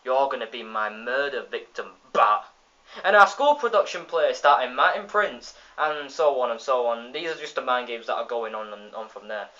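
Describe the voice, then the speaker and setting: A man of ordinary middle pitch talks casually through a cartoon episode's plot. He rambles, trips over his words and starts sentences again. The sound is dull and lo-fi, as if from a phone. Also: animated, normal speed, hardly any pauses, pushed and bright. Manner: rambling retelling with many restarts and fillers. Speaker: episode reviewer. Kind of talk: casual spoken episode review.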